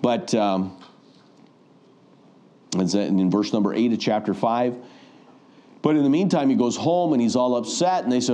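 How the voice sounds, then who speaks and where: Male preacher with a mellow voice, telling a Bible story in a sermon and playing out the people in it. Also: fairly low pitch, expressive, unhurried, pauses often. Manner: storytelling, acts out quoted voices.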